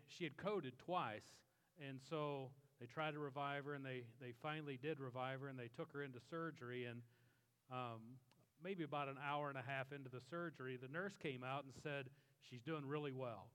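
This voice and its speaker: A middle-aged man preaching a sermon as a pastor, telling stories in an earnest way and slowing down for emphasis. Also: medium pitch, a bit bright, smooth, big-room sound. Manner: earnest storytelling, slows for emphasis.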